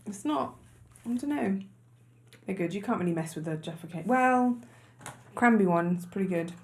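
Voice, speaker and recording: A woman's voice: medium pitch, expressive, moderate pace, a little mellow, a little hiss or hum. A woman co-hosting a casual quiz night stream, playful and teasing. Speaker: quiz co-host. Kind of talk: casual live-stream chat.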